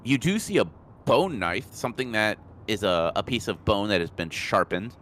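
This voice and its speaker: A man narrating a tabletop game as game master, describing scenes in a relaxed way with small restarts. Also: lowish voice, normal speed, a little hiss or hum.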